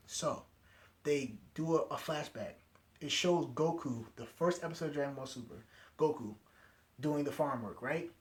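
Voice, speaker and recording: Guy at home hyping up an episode recap, talks loose and excited, keeps asking right?. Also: mid-range voice. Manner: excited, animated retelling with slang and "right?" tags. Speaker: anime episode reviewer. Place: his home at night.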